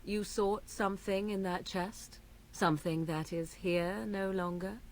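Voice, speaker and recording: A woman's voice: mid-range voice, steady tone, measured pace, a little mellow, slight background noise, lightly acted. An actress playing an aloof, mocking young witch of the wilds in a video game, speaking in an archaic, haughty manner.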